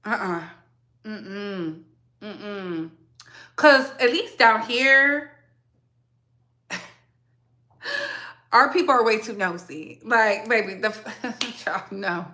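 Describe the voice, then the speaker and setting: A woman with a Southern US accent hosting a casual commentary show, talking to her audience in an animated, opinionated, slangy way. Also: mid-range voice, extremely slow, long pauses. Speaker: show host.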